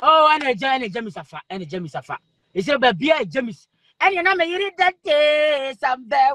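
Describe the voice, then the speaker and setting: A man with a Ghanaian accent hosting a live stream, reading out viewer comments, excitable, laughing often and calling out names over and over. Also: very high-pitched, normal speed.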